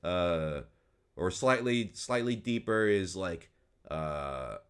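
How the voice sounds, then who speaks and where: A man's voice: low-pitched, animated, slow, smooth. A man who works as a voice actor, reacting casually to an old video of himself. He rambles frankly with lots of fillers, restarts and dry, self-mocking remarks. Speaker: voice actor and host.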